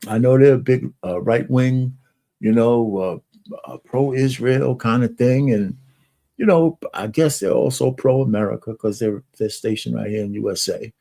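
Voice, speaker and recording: Gravelly man rambling over news clips. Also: medium pitch, unhurried, mellow. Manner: rambling, many fillers and restarts. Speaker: streamer reacting to news clips. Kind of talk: casual commentary.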